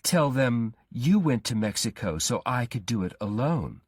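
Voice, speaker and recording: A man voicing a menacing, obsessive young man, his voice pushed up high and strained. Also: big pitch swings, measured pace, husky, dry recording, clean studio sound. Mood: insistent. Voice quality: raised, strained pitch.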